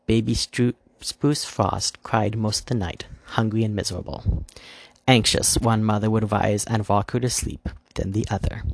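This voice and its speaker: A man with a low, slightly husky voice reads a fairy tale aloud. His delivery is measured and gently expressive, and the sound is close and dry, with no room around it. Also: no room sound. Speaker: reader. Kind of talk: storybook narration with character voices.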